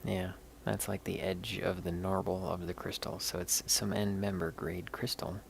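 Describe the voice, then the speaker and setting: A man's voice: low-pitched, little pitch movement, moderate pace, vocal fry, slight background noise. A man rambling candidly in casual live-stream chat while showing stones, swearing now and then. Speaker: livestream host showing stones.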